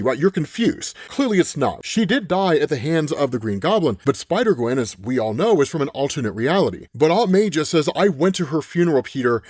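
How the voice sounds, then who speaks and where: A man casually recapping a comic story, animated, quoting the characters as he goes and tagging lines with a quick "right?". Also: a little high, no room sound, studio quality. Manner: animated retelling, acts out lines in quick quotes, frequent "right?". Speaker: comic book explainer.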